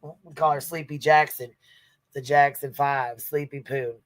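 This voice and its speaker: A woman's voice: low voice, steady tone, unhurried, no room sound. A woman hosting a livestream in casual commentary, brash and profane, often breaking into laughter. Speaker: livestream host.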